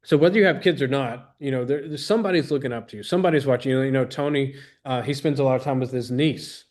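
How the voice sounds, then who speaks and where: A man's voice: medium pitch, quick pace, a little mellow. Earnest man giving a motivational talk. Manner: earnest, rambling, with many restarts and quoted dialogue. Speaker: business trainer, host.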